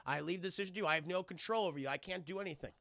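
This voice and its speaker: A man voicing a patient, wise male thunder god, speaking slowly and softly in a measured way. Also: high voice, gravelly, dry recording, exaggerated voice. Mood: calm counsel. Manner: slow, soft, measured counsel.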